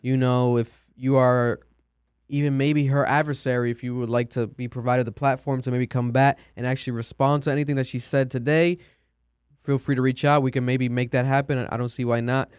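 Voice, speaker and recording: Brief: male podcast host, relaxed and rambling, smooth tone, dry close mic. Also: mid-range voice, brisk, dry recording. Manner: casual, loose, filler-heavy. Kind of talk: interview questions and sign-off.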